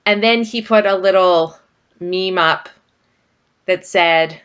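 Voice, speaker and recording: A woman's voice: lowish voice, takes it slowly, a bit bright, clean tone, dull audio. A middle-aged woman vlogger talking casually and rambling about her marriage, with frequent fillers. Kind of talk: casual personal talk to camera.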